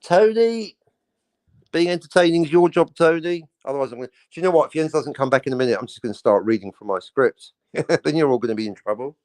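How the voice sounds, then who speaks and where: A man's voice: mid-range voice, fast talker, no echo. A man co-hosting a podcast, filling time with playful, jokey banter in a casual chat. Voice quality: playful, jokey, lively delivery. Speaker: podcast co-host. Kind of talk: casual chat, joking monologue.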